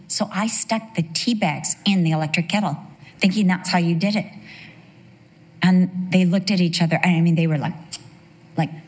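A woman's voice: fairly low pitch, steady tone, moderate pace, darkish tone, husky. A middle-aged woman giving a conversational sermon, telling chatty stories with asides and questions to her listeners. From United States. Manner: chatty storytelling with frequent asides and rhetorical questions. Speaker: Bible teacher.

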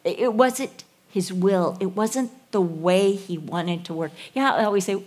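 A woman in her sixties preaching a sermon in a storytelling, playful way, sometimes dropping to a soft hush. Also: mid-range voice, a little slow. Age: 60s.

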